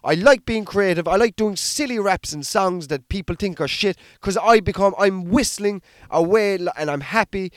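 A young Irish comedian talking in a casual, rambling, sweary podcast monologue. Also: male voice, high-pitched, moderate pace, hardly any pauses, a bit bright, no room sound, studio quality. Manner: sweary, rambling, self-deprecating.

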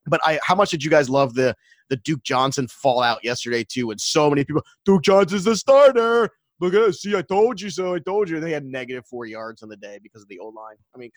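A man co-hosting a casual fantasy sports podcast, opinionated and quick to laugh. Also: medium pitch, no echo, clean studio sound. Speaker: podcast co-host.

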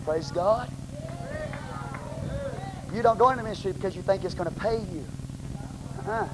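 A man with a Texan accent, preaching a sermon as pastor in a blunt, plain-spoken way, bursting into shouts. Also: high-pitched, normal speed. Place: church sanctuary. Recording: noisy live church recording.

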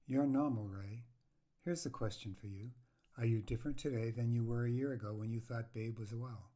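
A frank, caring woman friend gives hard counsel, stern yet gentle in her coaxing, as a man reads her lines aloud. The voice sits at a middle pitch and moves at a slow, even reading pace. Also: natural voice.

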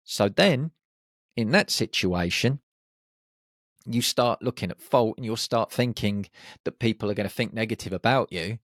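A man hosting a solo podcast, talking in an animated way and slipping into quick voices for people's inner self-talk. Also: fairly low pitch, no echo, studio quality. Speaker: podcast host.

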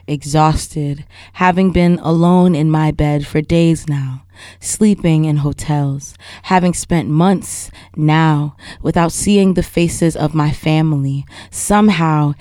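A poet from Queens, New York, reading a poem aloud in a measured, deliberate way. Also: low voice, a little mellow, clean tone, no echo, studio quality. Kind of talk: poetry reading.

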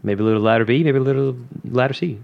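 A man's voice: medium pitch, rapid-fire, gravelly, muffled recording. A young man hosting a podcast, joking and playful in casual banter with friends. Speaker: podcast host.

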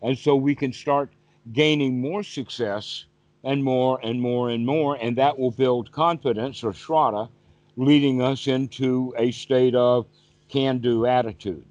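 A man's voice: mid-range voice, fairly even intonation, a little slow, a little mellow, no room sound. Man teaching over dull call audio. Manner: patient, repetitive explaining. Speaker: meditation teacher. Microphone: video call.

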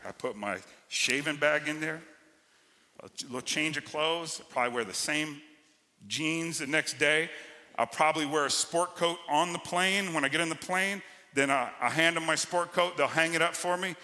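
A male pastor preaches a sermon in a church sanctuary, sharing personal stories conversationally and with emphasis. His voice is a little high and sharp at normal speed, recorded in a church hall with long reverb.

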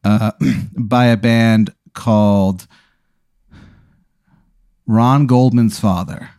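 A man's voice: lowish voice, extremely slow, clean tone, dry recording, studio quality. A man hosting a podcast, rambling through an improvised comedy bit and slipping into goofy voices. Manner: animated rambling storyteller with goofy put-on voices. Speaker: podcast host.

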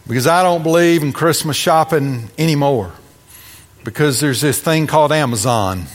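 Brief: male pastor, slightly raised voice, preaching with punchy emphasis and wry jokes, long hall reverb. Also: on the high side. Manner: preaching with dramatic emphasis and humorous asides. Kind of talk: sermon.

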